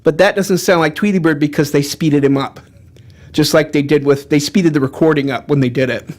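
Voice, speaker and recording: A man's voice: fairly high pitch, fairly quick, darkish tone. A voice impressionist, a man, chatting casually and self-deprecatingly between impressions; his voice is worn after an illness.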